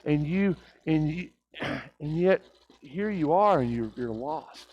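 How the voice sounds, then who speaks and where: High-voiced preacher man, hushed to emphatic. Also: animated, slow pace, husky, highs cut off. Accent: Oklahoma Southern. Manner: emphatic, rhetorical questions, swings between hushed and raised. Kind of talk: sermon.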